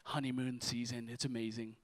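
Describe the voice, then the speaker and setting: A man's voice: mid-range voice, fairly quick. A young adult man preaching a sermon to a church congregation, telling funny stories before turning to scripture. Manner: lively, joking storyteller who shifts to preaching. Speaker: pastor. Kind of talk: sermon with storytelling.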